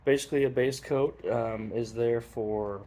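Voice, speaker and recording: Laid-back man with a mellow voice. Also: medium pitch, a little slow. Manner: relaxed, rambling, self-deprecating asides. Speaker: hobbyist demonstrating skull hydro dipping. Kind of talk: casual how-to tutorial.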